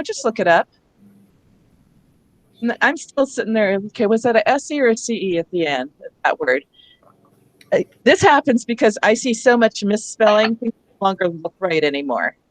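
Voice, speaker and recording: A woman's voice: on the high side, no echo. A woman training teachers in a casual, conversational lecture, explaining spelling rules with frequent asides. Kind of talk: professional development lecture.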